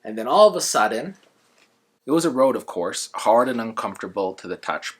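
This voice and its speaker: Man, book reviewer, casual retelling, conversational, low voice, breathy. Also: brisk. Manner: conversational, animated retelling, with restarts.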